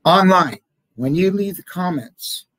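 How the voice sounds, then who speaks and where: A middle-aged man, a jewelry business owner, talking casually to camera in an animated, rambling, emphatic way. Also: high voice, unhurried, dry recording, rough recording.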